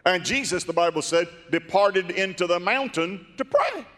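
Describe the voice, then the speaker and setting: A man preaching a fervent sermon, telling stories and rising to emphatic shouts, in a church. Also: high-pitched, animated, moderate pace. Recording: long reverb of a large hall.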